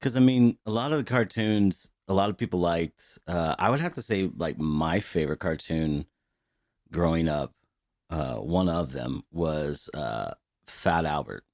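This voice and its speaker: Deep-voiced man in casual podcast chat. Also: expressive, unhurried, darkish tone, no room sound, studio quality. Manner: loose, profane storytelling with laughter. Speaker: podcast co-host.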